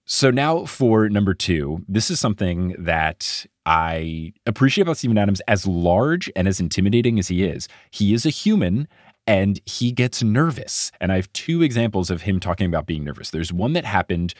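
Low-voiced man telling stories, dry sound. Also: moderate pace, no echo. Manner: laughs often, animated storytelling. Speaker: podcast co-host. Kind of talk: casual chat.

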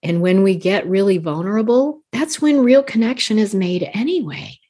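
A woman's voice: medium pitch, lively intonation, normal speed, mellow. A woman in her fifties, a life coach guest on a podcast, talking earnestly and casually and laughing often between thoughts. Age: 50s.

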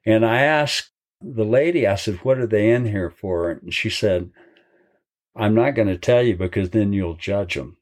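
A man's voice: on the low side, a little slow. An older man and horse trainer, telling a long, folksy story in an interview.

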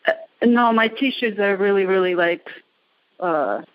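A woman's voice: mid-range voice, unhurried, no room sound, highs cut off. A woman calling in from a gym bathroom, out of breath and hesitant, searching for her words. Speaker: caller.

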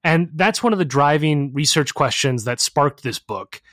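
A man who is an academic guest on a podcast, explaining his research in an energetic, conversational way with frequent restarts. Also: a little high, normal speed, dry recording, clean studio sound. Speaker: guest, professor and author. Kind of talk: conversational interview answers.

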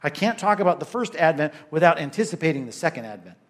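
A man delivering a sermon, his voice sitting a little higher than most men's. He preaches emphatically but keeps it conversational, checking in with the congregation with frequent "right?" asides. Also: sing-song, fast talker. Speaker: pastor.

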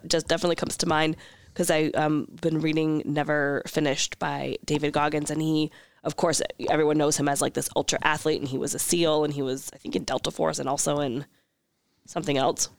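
A man's voice: fairly high pitch, little pitch movement, a little fast, vocal fry, no echo, studio quality. A man co-hosting a podcast, chatting casually and searching for his words with many fillers. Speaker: podcast co-host. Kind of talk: casual conversation.

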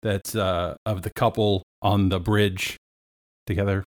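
Male player, low voice, slow and halting, thinking aloud about his character's actions. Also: level tone. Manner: hesitant, thoughtful, with many fillers. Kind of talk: in-character tabletop play.

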